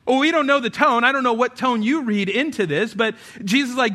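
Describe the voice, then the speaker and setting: A man's voice: very high-pitched, brisk, hardly any pauses, pushed and bright. A man preaching a conversational sermon as pastor, animating the story with acted quotes.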